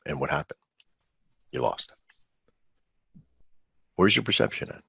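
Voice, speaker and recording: Man, low gravelly voice, husky, rambling webinar host, dull lo-fi call audio. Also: sing-song, measured pace, sharp tone, dry recording. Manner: rambling, conversational, asks the audience questions. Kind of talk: casual live webinar teaching.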